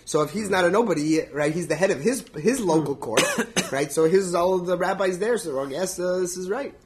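A man teaching a Talmud class in an animated way, laughing often and translating Hebrew and Aramaic phrases as he goes. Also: sits high, a little fast, background noise.

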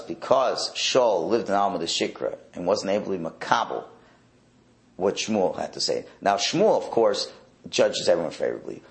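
A man, a rabbi, teaching a Torah class in a wry, animated way, sprinkling in Hebrew and Yiddish words. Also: sits low, creaky.

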